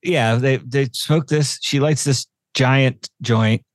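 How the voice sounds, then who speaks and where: A man co-hosting a casual film podcast, retelling scenes with lively acted-out voices. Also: mid-range voice, slow, dry recording, studio quality. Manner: animated, acts out scenes in quoted voices. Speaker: podcast co-host.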